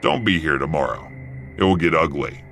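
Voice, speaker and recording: A man voicing a panicky, foul-mouthed rough man in trouble, snapping out curt lines. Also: very deep voice, lively intonation, normal speed, fairly bright tone, soft background music, exaggerated voice. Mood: calmer.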